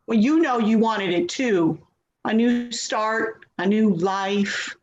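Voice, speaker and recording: A woman's voice: mid-range voice, slow, roomy sound, highs cut off, slight background noise, lightly acted. A woman in a readers theater reading, playing a frustrated daughter who pleads and coaxes with her mother's caregiver. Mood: pleading. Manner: pleading, exasperated, coaxing. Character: Louise, a frustrated, pleading middle-aged daughter. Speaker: actor in a staged reading.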